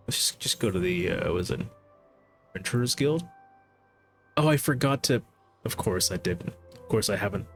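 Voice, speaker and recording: A man streaming a game, chatting casually, brushing off the game's dialogue and stumbling over his words as he goes. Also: medium pitch. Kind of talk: casual gameplay commentary.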